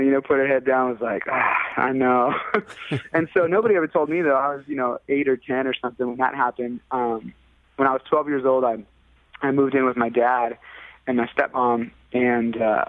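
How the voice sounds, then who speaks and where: A man's voice: mid-range voice, fairly even intonation, moderate pace, dry recording. A man from California, a musician guest, telling a story in a rambling, casual way with lots of fillers, acting out what others said in a raised voice. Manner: rambling, many fillers, acts out quoted people in a raised voice. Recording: tinny phone-like line, dry.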